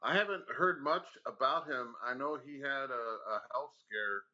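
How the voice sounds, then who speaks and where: A man's voice: mid-range voice, moderate pace, pushed and bright. A man hosting a podcast, laughing often and asking loose, rambling questions in casual chat. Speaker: podcast host. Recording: dull lo-fi podcast audio.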